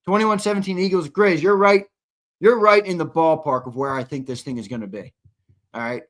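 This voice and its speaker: A man's voice: on the high side, fairly quick, a bit bright. A man hosting a live sports talk show, chatting casually and reading viewer comments aloud.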